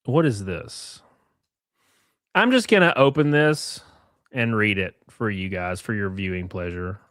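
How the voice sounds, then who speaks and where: A man's voice: lowish voice, lively intonation, measured pace, a bit bright, no room sound, studio quality. A young man hosting a casual live stream, mocking and sarcastic, swearing freely and thanking viewers for gifted subs.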